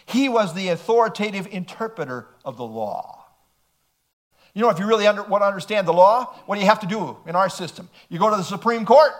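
Animated high-voiced man preaching a sermon. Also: fairly quick. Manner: emphatic, asks the listeners rhetorical questions.

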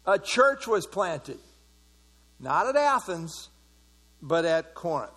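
A man's voice: high-pitched, very animated, slow, fairly bright tone, slightly rough. A man leading an evening Bible study, talking conversationally, full of fillers and putting questions to the audience. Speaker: pastor.

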